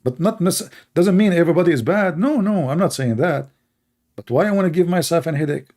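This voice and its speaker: A man with a gravelly, dark voice talks in a casual monologue. He speaks emphatically and repeats himself as he tells his stories. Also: fairly high pitch, brisk. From Middle East. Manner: emphatic, repetitive, storytelling. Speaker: online commentator.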